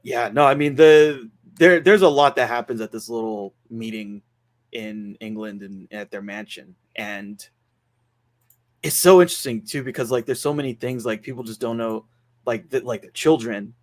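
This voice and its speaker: A man's voice: mid-range voice, moderate pace. A man hosting a casual podcast, recapping a film's plot in a rambling way full of fillers. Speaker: podcast host reviewing a film.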